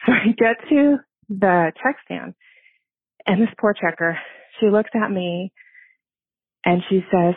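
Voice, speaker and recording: A woman's voice: medium pitch, lively intonation, slow pace, pauses often, dry recording. A woman in her fifties, a caller leaving a voice message, tells a personal story in a nervous, earnest way and laughs at herself. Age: 50s. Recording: tinny phone line.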